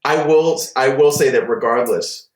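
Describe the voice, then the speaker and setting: A man's voice: medium pitch, moderate pace, reverberant. A man co-hosting a podcast, chatting casually, rambling and joking with loose swearing. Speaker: podcast co-host. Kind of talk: casual chat.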